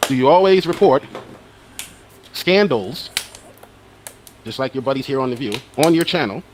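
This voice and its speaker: A man's voice: mid-range voice, expressive, moderate pace, darkish tone, a little hiss or hum. A man talking in argumentative video commentary who presses the same questions again and again. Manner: presses his questions repeatedly.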